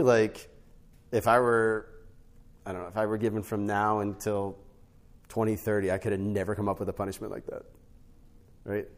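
A middle-aged man, a podcast guest, teaching on spiritual life through a family story, with an animated storytelling manner that often checks in with "right?". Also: lowish voice. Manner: animated storyteller, rises to emphatic peaks, frequent "right?" tags.

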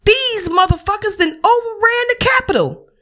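A podcast host with a very high voice rants at normal speed, her commentary casual and profane. Animated and swearing, she acts out phone calls with her friends.

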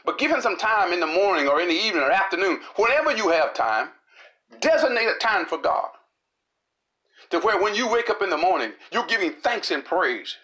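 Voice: mid-range voice, big pitch swings, brisk, sharp tone. A preacher delivering a sermon in a rhythmic, repetitive style, building with dramatic rises and falls.

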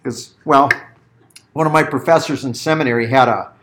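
A man's voice: medium pitch, normal speed, noisy background. A middle-aged man preaching a sermon as a pastor, telling stories and acting out little voices. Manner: animated storytelling, acts out voices.

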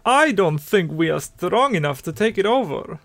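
A man's voice: high-pitched, sing-song, normal speed, creaky, a bit bright, no room sound. A man co-hosting a video game playthrough, talking in an easygoing, somewhat hesitant way. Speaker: let's play co-host. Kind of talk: casual game commentary.

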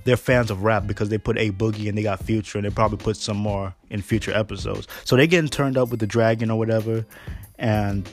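A man's voice: lowish voice, steady tone, quick pace, faint music behind. A man hosting a podcast, recapping a cartoon episode in a casual, slangy, rambling way and laughing often. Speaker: podcast host.

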